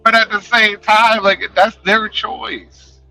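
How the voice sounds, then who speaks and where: Man, live-stream chat, passionate, swears a lot, fairly high voice, headset mic. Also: slow, soft background music, rough recording. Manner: animated, passionate, profane talk.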